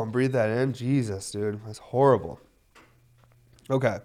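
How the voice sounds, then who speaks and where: A man's voice: fairly low pitch, a little mellow. A man in his thirties talking casually to his viewers, rambling with lots of fillers and frequent swearing. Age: 30s. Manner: loose, rambling, heavy on fillers, swears often. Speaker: cannabis vlogger.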